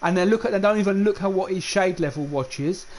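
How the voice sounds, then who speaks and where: A man's voice: sits high, fast, a little mellow. A man, a gaming streamer, ranting in a heated, repetitive way and stumbling over his restarts. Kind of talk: unscripted ranting monologue.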